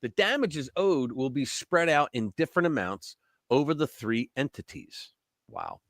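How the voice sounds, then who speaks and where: A man's voice: medium pitch, huge pitch swings, normal speed, gravelly, no echo, clean studio sound. A man hosting a casual live-stream commentary show, blunt and profane, laughing at his own jokes. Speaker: host.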